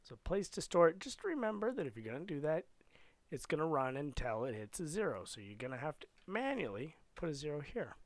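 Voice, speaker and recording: Man, casual livestream coding lesson, lively up-and-down pitch, dry close sound, playful, rambling. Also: fairly quick, no room sound. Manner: playful, rambling, slips into silly voices. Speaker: coding tutorial streamer.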